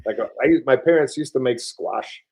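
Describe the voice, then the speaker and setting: Giving a casual interview, this forties-aged veteran from upstate New York mixes a Buffalo accent with a Southern one. His medium-pitched voice is animated, fairly quick, a little mellow and breathy at the edge, and he wanders through fillers, restarts and offhand curses.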